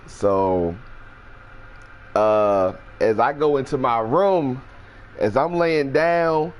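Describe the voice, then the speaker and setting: A man telling a story in a casual, animated and profane way, jumping into high voices when quoting people. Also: very slow, slight background noise. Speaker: storyteller host.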